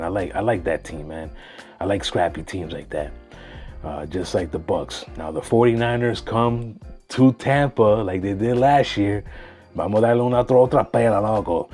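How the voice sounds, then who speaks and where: A man casually talking through sports picks on his own channel, slangy and animated, dropping Spanish phrases. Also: lowish voice. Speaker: sports vlogger.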